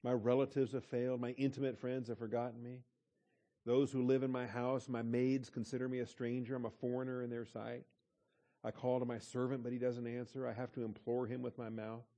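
A man's voice: mid-range voice, little pitch movement, brisk, mellow. A man preaching a conversational sermon, reading scripture aloud and explaining it. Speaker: pastor.

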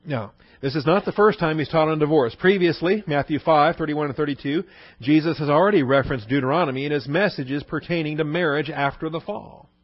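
A man's voice: a little high, fairly quick, no echo, dull audio. A male pastor preaching an expository sermon, stressing points with repetition and rhetorical questions. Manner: emphatic, rhetorical questions, repeats key points.

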